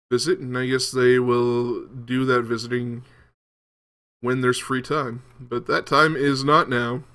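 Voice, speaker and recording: A young man talks over a game he is playing, thinking out loud in loose, rambling chat. His voice is bright and a little forceful, and he stops often to say um or start a sentence over. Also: mid-range voice. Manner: rambling, many ums and restarts. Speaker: gaming video host. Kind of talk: casual let's-play commentary.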